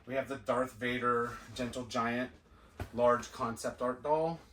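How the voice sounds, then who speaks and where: A man's voice: mid-range voice, steady tone, fairly bright tone, a little hiss or hum. A man sorting through boxes of toys and chatting casually to himself as he unpacks. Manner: slow, musing, talks to himself while sorting. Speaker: toy collector vlogger. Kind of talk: casual unboxing chat. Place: cluttered toy room indoors. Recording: echoey room, mic at a distance.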